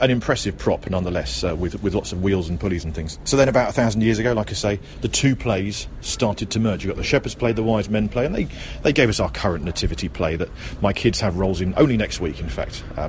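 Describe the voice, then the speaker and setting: A middle-aged man hosting a casual, chatty talk outdoors while out shopping, often correcting himself and joking. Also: on the low side. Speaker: host. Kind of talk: casual talk about Christmas history. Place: outdoors near a road, out shopping. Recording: outdoor street recording with faint traffic.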